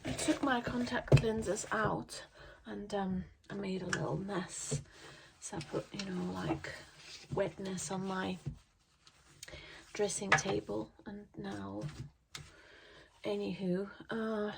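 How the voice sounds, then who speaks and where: Brief: woman vlogger, ill and short of breath, gravelly voice, slow halting delivery. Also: mid-range voice, very noisy. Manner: halting, with many pauses and fillers. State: out of breath and coughing from illness. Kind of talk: casual vlog chat. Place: indoors at a dressing table.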